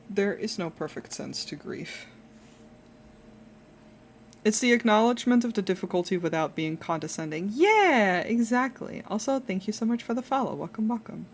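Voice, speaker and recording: A woman's voice: mid-range voice, animated, unhurried, long pauses, slight background noise. A young woman chatting casually while drawing on a live stream, rambling with lots of fillers and restarts and laughing often.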